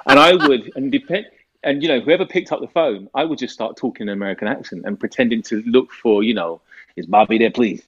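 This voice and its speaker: A British actor from the United Kingdom, giving an interview and telling stories in a rambling way, with many fillers. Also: male voice, mid-range voice, fast, dull audio, noisy background. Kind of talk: casual interview talk.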